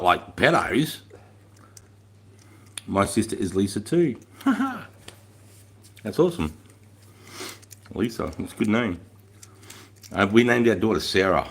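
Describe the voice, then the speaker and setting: A man's voice: sits low, husky. A middle-aged man hosting a livestream in casual chat, swearing freely, rambling and laughing as he reads out viewer comments. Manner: profane, rambling, laughs often. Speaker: livestream host.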